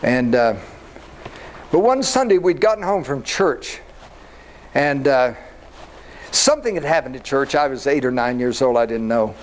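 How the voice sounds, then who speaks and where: An older man giving an animated storytelling talk to an audience. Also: mid-range voice, unhurried, long pauses, a little hiss or hum, poor audio. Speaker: speaker.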